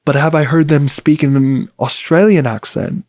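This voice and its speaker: A man's voice: fairly high pitch, normal speed, a little mellow, no room sound, clean studio sound. A young adult man from the United States hosting a podcast, talking in a rambling, upbeat way with lots of fillers. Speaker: podcast host. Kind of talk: casual solo podcast chat.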